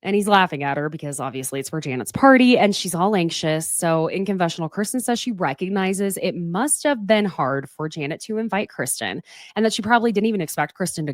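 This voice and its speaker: Lady podcast host, lowish voice, super lively, gossipy, dry close mic. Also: dry recording. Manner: animated, gossipy, laughs often, talks to listeners directly. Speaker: podcast host recapping a reality show. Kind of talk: casual chatty recap.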